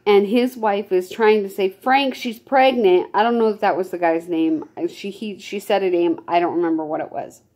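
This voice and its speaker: A woman's voice: medium pitch, steady tone, brisk, few pauses, mellow. A woman, telling a true story from her own life in a rambling, casual way, often restarting her sentences. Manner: rambling, restarts and self-corrections. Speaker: vlogger telling a personal story.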